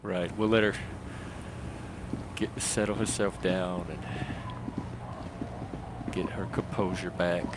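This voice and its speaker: A man's voice: sits low, little pitch movement, slow, pauses often, background noise. Rambling man streaming a game. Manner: rambling, talks to chat. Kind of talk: casual gameplay commentary.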